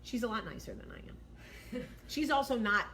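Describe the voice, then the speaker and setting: A woman in her forties hosting a vlog, giving blunt, profane, animated advice talk. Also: fairly high pitch, moderate pace, a little hiss or hum. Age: 40s. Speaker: vlog host.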